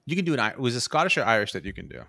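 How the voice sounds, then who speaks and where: A man's voice: medium pitch, very animated, racing, creaky, sharp tone. A man co-hosting a podcast in casual chat, rambling and laughing a lot. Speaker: podcast co-host.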